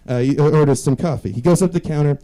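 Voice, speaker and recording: Young male stand-up, dark mellow tone, self-mocking storyteller. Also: on the high side, racing, low-quality recording. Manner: self-deprecating, rambling storytelling. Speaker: stand-up comedian. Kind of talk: stand-up set.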